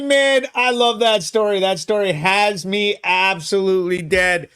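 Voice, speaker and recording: A man hosting his own live show alone in a studio, excitable and laughing, swearing freely. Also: high voice, measured pace, smooth. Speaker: host. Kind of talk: solo live show commentary.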